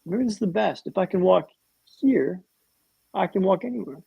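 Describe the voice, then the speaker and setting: Male interview guest, raised pitch, gravelly, dramatic storyteller with a humorous streak, dull lo-fi line. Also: lively intonation, moderate pace, dry recording. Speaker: podcast guest.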